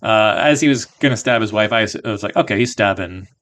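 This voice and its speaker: A man's voice: on the low side, fast talker, fairly bright tone. A man co-hosting a podcast, chatting casually about a movie, rambling with many fillers and restarts. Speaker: podcast co-host. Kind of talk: casual movie review chat.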